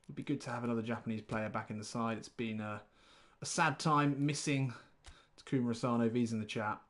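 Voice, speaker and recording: Man, mid-pitched voice, thinking aloud on a game stream, casual and rambling. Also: steady tone, fairly quick, a bit bright. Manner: chatty, rambling, thinks aloud and greets chat viewers. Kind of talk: live-stream gameplay commentary.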